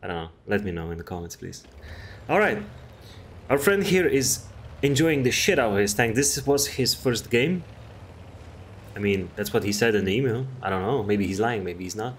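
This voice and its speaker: A man's voice: lowish voice, animated, normal speed, a little hiss or hum. A man casually commenting on a game replay, rambling and chatty, swearing freely. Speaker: gameplay commentator.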